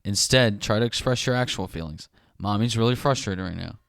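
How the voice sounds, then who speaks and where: A man's voice: fairly low pitch, brisk, vocal fry, fairly bright tone, no room sound, studio quality. A man, co-hosting a casual podcast, laughing and swearing as he reads out parenting tips. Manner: crude, laughing, reads text aloud. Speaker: podcast co-host.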